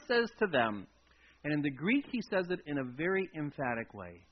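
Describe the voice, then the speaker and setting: A man preaches a sermon in a high, light voice. He tells the story with drama, swinging between loud emphasis and hushed, intimate lines. The recording sounds dull and lo-fi. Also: big pitch swings, brisk. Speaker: pastor.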